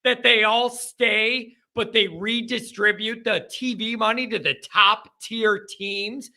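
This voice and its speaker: Talk show guy, high gravelly voice, bright, loose animated chatter. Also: takes it slowly. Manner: animated, talkative storyteller. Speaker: call-in show host. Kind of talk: casual chat.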